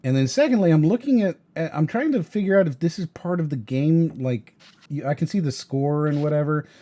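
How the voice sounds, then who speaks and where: A man's voice: a little high, animated, a little fast, mellow. A man hosting a casual podcast, wry and teasing, trailing off as he thinks aloud. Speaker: podcast host.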